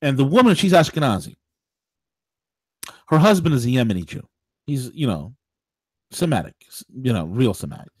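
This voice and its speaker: A man hosting a political talk show, speaking in an animated, digressive way with laughing asides. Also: medium pitch, moderate pace, pauses often, husky, dry recording. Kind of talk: political talk radio commentary.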